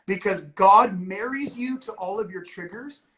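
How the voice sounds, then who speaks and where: In poor-quality audio, a male ministry leader speaks frankly and sincerely, leaning heavily on "like" and "you know." His voice sits high and a bit bright, and he talks a little slowly.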